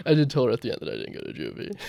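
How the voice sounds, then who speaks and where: A man's voice: medium pitch, huge pitch swings, fast, creaky, warm tone. A man in his twenties co-hosting a podcast, talking casually and chuckling. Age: 20s. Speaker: podcast co-host. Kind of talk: casual chat.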